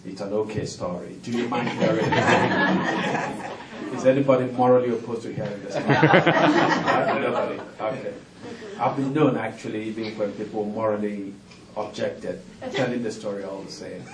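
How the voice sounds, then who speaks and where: Brief: middle-aged man, low voice, playful storyteller, distant mic in an echoey hall. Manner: chuckling, playful, self-deprecating. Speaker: author on a festival panel. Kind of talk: humorous storytelling to a live audience. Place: event hall with audience. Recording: roomy hall, distant mic, ambient noise.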